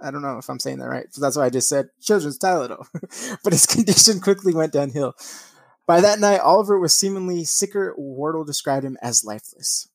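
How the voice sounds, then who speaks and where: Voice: medium pitch, fairly quick, no room sound. A young adult podcast host casually reading news stories aloud, swearing often, laughing and tripping over words.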